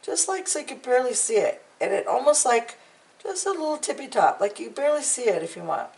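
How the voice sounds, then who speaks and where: Chatty woman with a gravelly voice. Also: a little high, sing-song, fairly quick, a little mellow, recorded from a distance, rough recording. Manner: chatty, encouraging, trails off and repeats words. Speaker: art tutorial host. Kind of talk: casual real-time coloring tutorial.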